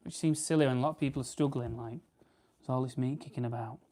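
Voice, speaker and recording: A man's voice: medium pitch, steady tone, quick pace, mellow. A young man with a South Yorkshire accent, chatting casually on a livestream and answering viewers while he plucks birds. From South Yorkshire, England. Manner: chatty, rambling, reads out viewer comments. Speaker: livestream host. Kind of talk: casual live-stream chat while plucking grouse.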